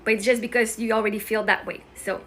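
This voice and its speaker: A woman with a high, bright voice talks in an earnest, encouraging way, and she often checks in with the listener as she talks. She sounds middle-aged and is hosting a casual heart-to-heart conversation. A faint ambient hum sits behind her. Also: little pitch movement, fast talker. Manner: earnest, encouraging, frequent "right?" tags. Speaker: host.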